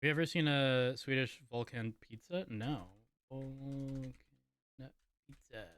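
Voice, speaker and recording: A man's voice: medium pitch, normal speed, fairly bright tone, clear, resonant tone, no echo. A man chatting casually while streaming a game, rambling and correcting himself as he eats. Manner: rambling, self-correcting, talks while eating. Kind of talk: casual chat while gaming.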